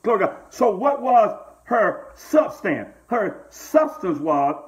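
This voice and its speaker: A man's voice: high voice, big pitch swings, slow, low-quality recording. A middle-aged man, a pastor preaching a sermon and calling out to members of his congregation. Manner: preaching with call-outs to congregants and repeated "glory to God".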